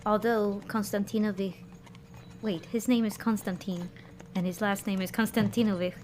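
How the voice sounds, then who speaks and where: A woman's voice: mid-range voice, steady tone, moderate pace, a little mellow, slight background noise. A woman chatting and playing a character in a tabletop role-playing game, giggly and prone to interrupting herself. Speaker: tabletop player.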